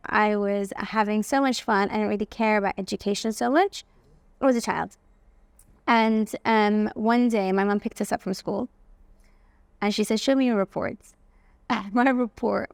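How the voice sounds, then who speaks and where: A woman from England, a guest in an interview telling lively personal stories and often saying "like". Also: mid-range voice, normal speed, gravelly, clear, resonant tone, no echo. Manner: animated, acts out quoted voices, frequent "like". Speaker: guest, facial aesthetics practitioner.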